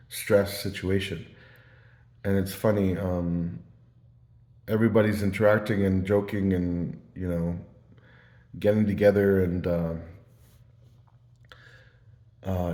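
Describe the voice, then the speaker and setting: Man, low and mellow, loose rambling storyteller, echoey room. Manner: meandering storytelling with many fillers and restarts. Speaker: vlogger. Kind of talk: casual rambling monologue. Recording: roomy echo.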